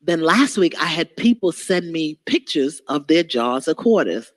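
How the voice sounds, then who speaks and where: A man giving an animated motivational sermon, calling out to the audience and acting out the voices of others. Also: a little high, a little slow, poor audio. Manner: animated, call-and-response, acts out voices. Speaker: motivational speaker. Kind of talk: inspirational preaching.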